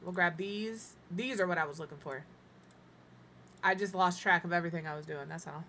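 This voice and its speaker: A woman's voice: on the low side, a little fast, bright, forceful tone, slight background noise. A middle-aged woman chatting casually on a live stream as she builds in a life-sim game, talking to her cat and to viewers with self-deprecating humor. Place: home room.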